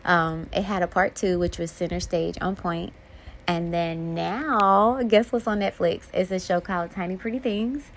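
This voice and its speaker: A young adult woman hosting a casual solo podcast, talking in a candid, heartfelt way that swings between soft and bright. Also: fairly low pitch, fairly even intonation, moderate pace, slight background noise. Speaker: podcast host.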